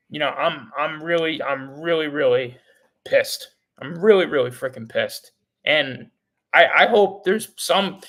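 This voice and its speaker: A fed-up young man rants like a diehard fan in a slightly raised voice. He stumbles over restarts and repeats himself, going back over each complaint. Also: fairly high pitch. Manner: frustrated, repetitive, stammering restarts. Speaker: podcast host. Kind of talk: angry fan rant.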